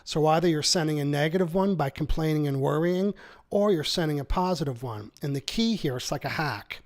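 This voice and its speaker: In this interview, a seminar speaker and author from Canada explains his thinking with persuasive energy, performing the quotes he cites. He talks fairly fast in a slightly high voice.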